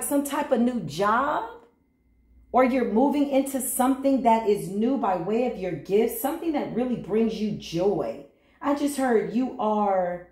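A woman's voice: mid-range voice, darkish tone, reverberant. A woman giving a channeled tarot reading to her viewers, with a playful, teasing manner and sing-song greetings. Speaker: tarot reader.

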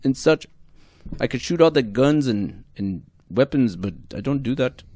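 A man voicing an indignant male special forces mouse in an improv comedy scene, speaking high and loud. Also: expressive, unhurried, dry recording, clean studio sound. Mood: exasperated.

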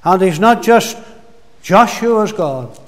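High-voiced preacher in a hall. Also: male voice, expressive, slow pace. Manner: warm emphatic preaching, rising to fervent exclamations and dropping to soft endings. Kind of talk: sermon. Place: gospel hall. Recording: long hall reverb.

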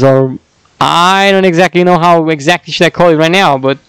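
Man, casual commentary, self-mocking, high voice, smooth and clear. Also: moderate pace, a bit bright, no room sound, rough recording. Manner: chatty, self-mocking, laughs between lines. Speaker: host reading fan-made dialogues.

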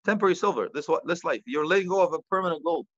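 Male imam, sermon lecture, bright tone, dry close sound on a lo-fi recording. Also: on the high side, racing, no room sound. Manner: animated, addresses listeners directly, mixes Arabic terms and recitation.

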